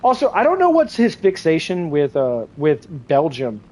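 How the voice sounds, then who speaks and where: Male streamer, 20s, higher-pitched, casual crude banter with chat. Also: huge pitch swings, normal speed, darkish tone, rough recording. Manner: crude joking, laughs often. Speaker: game streamer. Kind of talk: casual livestream chat with viewers.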